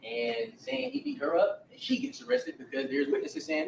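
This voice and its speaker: In a courtroom, a defense attorney gives his opening statement to the jury, speaking emphatically and turning to the jurors as he retells what witnesses said. His high, creaky voice swings widely in pitch at a normal speed. The roomy audio is captured from a distance with a little hiss or hum.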